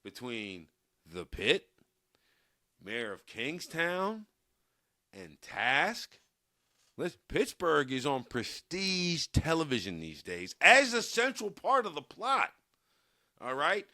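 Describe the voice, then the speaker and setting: Emphatic, forceful male podcast host. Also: on the high side, slow pace, dry recording, studio quality. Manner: energetic, emphatic, rises loud when riled up. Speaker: sports radio podcast host. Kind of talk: casual sports podcast chat.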